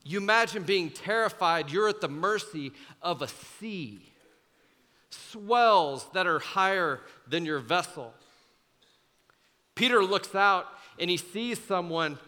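A young man preaching to students as a youth pastor, telling the story in a casual, animated way with many fillers. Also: high voice, slow. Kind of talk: sermon. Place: church auditorium. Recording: large hall with long reverb, faint music.

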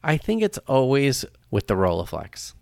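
Gravelly-voiced man in chatty conversation. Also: mid-range voice, wildly swooping pitch, normal speed, darkish tone, dry recording, clean studio sound. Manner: chatty, trails off mid-thought. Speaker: podcast co-host. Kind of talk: casual chat.

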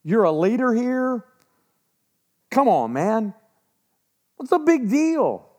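A man voicing a smooth-talking royal envoy who coaxes and brushes off objections while offering bribes. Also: very high voice, very animated, slow, a little mellow, voice pushed up, full character voice. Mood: coaxing. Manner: coaxing, wheedling, dismissive.

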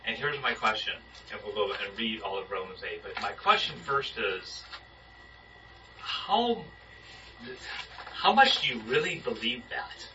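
Another muffled, distant room recording catches a Bible study leader guiding a small group's sermon talk in a relaxed, conversational way, asking them questions as he goes. His voice sits on the low side, with lively intonation and a slightly slow delivery, over a noisy background.

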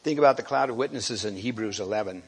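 A man giving a sermon, halting and restarting often and clearing his throat. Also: fairly low pitch, a little hiss or hum. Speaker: preacher.

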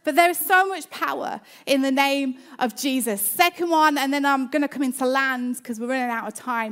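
A woman's voice: high voice, moderate pace, few pauses. A woman preaching a sermon in church, emphatic, repeating her phrases and calling for an amen.

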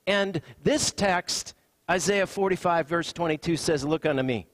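A man's voice: sits high, normal speed, no room sound. A man preaching a sermon as a pastor, conversational and loose, with fillers and restarts.

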